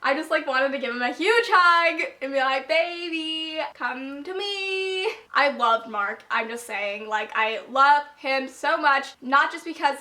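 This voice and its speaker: A young woman reviewing a book in a casual vlog, gushing and excitable, with lots of fillers and laughter. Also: high-pitched. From United States.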